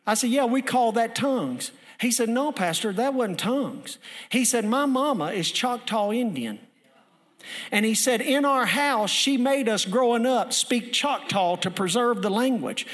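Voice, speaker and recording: A high-voiced male pastor with a drawl tells a story from the pulpit in a folksy, animated way, often rising to a shout. His voice rings out with the long reverb of a church hall. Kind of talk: sermon with storytelling.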